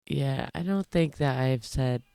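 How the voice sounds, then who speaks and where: A woman hosting a reaction video, speaking in a slow, easygoing way. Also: extremely low pitch, gravelly, dark tone, no echo. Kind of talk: casual reaction commentary.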